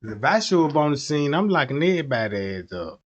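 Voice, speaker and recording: A man streaming, telling a crude comic story in an animated, rambling way. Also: fairly high pitch, brisk, lo-fi sound. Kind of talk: comedic storytelling riff.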